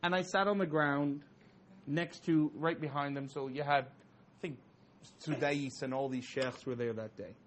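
Animated man telling a story, slightly high voice. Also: a little slow, a little hiss or hum. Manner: animated, laughing often, heavy use of "you know". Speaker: storyteller speaking to an audience. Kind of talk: lively storytelling talk.

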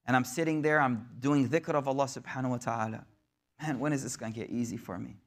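A man's voice: medium pitch, fast. A man giving a storytelling sermon, retelling an old account in the first person with Arabic quotes and casual, conversational phrasing. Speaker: preacher.

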